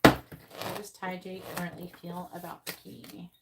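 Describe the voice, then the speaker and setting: A woman's voice: lowish voice, monotone, unhurried, creaky. Brief: a blunt, foul-mouthed woman reading tarot on a live stream into an earbud mic, with noisy audio. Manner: blunt, profane, exasperated ranting. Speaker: tarot reader hosting a livestream. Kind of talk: casual livestream talk.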